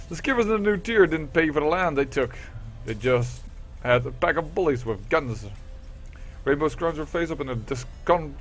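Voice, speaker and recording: A man's voice: on the high side, a bit bright. A man hosting a let's play, reading game dialogue aloud and rambling in a self-deprecating way into a desk microphone.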